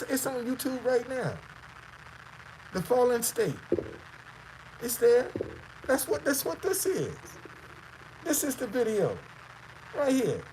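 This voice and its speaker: A man's voice: extremely high pitch, darkish tone, a little hiss or hum, low-quality recording. A man from the Southern United States with a Southern accent, hosting casual commentary on a clip; he talks emphatically, repeats phrases and throws out rhetorical questions. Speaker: host.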